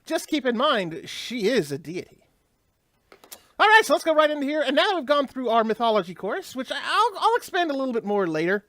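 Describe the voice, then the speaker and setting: A man narrates his gameplay in a loose, rambling way, pausing and restarting as he explains. His pitch swings up and down with animated inflection. The sound is dry, with no room echo. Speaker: let's play host. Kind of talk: casual gameplay commentary.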